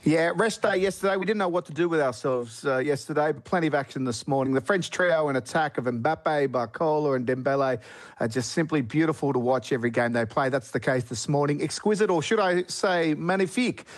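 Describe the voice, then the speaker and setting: A man's voice: mid-range voice, fairly quick. A man reading the morning sports news in an upbeat, chatty way with playful asides. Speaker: sports presenter.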